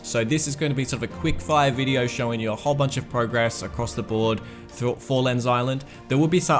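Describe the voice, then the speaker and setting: In a casual dev diary, a male game developer with a mid-range voice walks through his progress. He rambles enthusiastically and uses lots of filler words.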